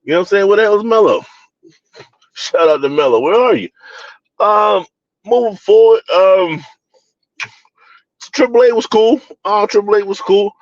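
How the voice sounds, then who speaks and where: A man's voice: sits high, normal speed, long pauses, no echo, muffled recording. A man from Baltimore co-hosting a wrestling review show, talking in a casual, opinionated way with lots of fillers, restarts and mocking asides. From Baltimore, USA.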